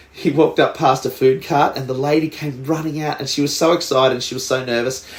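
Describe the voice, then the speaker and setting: A man's voice: medium pitch, steady tone, a little fast, reverberant, slight background noise. An Australian man co-hosting a podcast, telling a story in a rambling way with lots of restarts and fillers. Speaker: podcast co-host. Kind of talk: casual chat.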